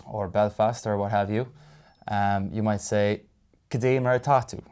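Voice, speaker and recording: An Irish man teaching Irish phrases in a relaxed chat, explaining slowly with fillers and restarts. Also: lowish voice, clear, resonant tone. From Ireland. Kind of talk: casual language lesson.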